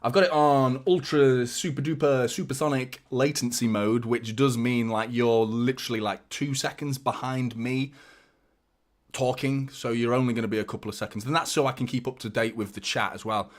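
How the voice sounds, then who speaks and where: A man hosting a live football watchalong, giving fan commentary and chatting to viewers, excitable and prone to swearing. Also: mid-range voice, normal speed. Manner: chatty, addresses viewers as mate. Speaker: watchalong host. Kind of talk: live match commentary and chat.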